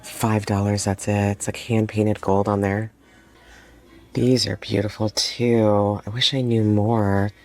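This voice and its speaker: A woman reseller talking casually in a thrifting vlog, excitable and gushing, often dropping into a whisper, recorded on a handheld phone in a thrift store. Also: extremely low pitch, takes it slowly. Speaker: vintage home decor reseller.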